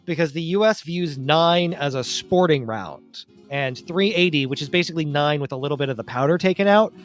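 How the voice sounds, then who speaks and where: A man with a slightly raised pitch talks in a loose, self-mocking way, going deep into details. Faint music sits under the podcast chat. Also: fairly quick. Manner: explains at length, self-deprecating. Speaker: podcast guest.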